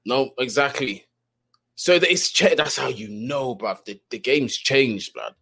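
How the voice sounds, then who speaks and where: A man's voice: medium pitch, animated, a little slow, vocal fry, sharp tone, husky. A man, a co-host in casual chat who chimes in with agreement and slang.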